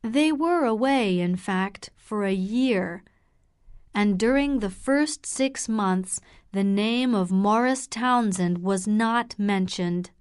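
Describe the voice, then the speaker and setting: Very slow woman narrating a story. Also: medium pitch. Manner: very slow and clear.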